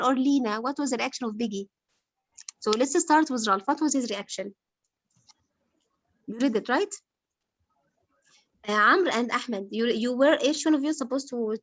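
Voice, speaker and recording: A woman's voice: a little high, no room sound. A woman teaching English literature, explaining a novel to her class patiently and quizzing her pupils, with lots of "like" as filler.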